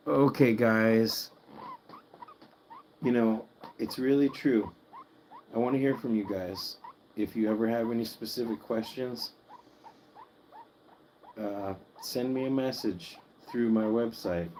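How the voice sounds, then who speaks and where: A man hosting a pet channel's late-night livestream, sleepy, soft-spoken and cooing to his guinea pigs at home. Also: mid-range voice, takes it slowly, pauses often, a little hiss or hum, low-quality recording.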